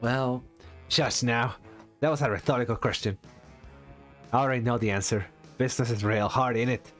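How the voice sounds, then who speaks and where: A man voicing a cocky male loan-shark businessman who is smug and taunting, with drawn-out threats in a game read-aloud. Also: mid-range voice, faint music behind, close to an everyday voice.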